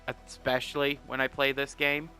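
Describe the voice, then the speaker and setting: A man's voice: medium pitch, little pitch movement, normal speed, sharp tone, faint music behind. A young man commentating on a video game he is playing, rambling and joking, now and then slipping into mock voices. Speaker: gaming commentator. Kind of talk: let's play commentary.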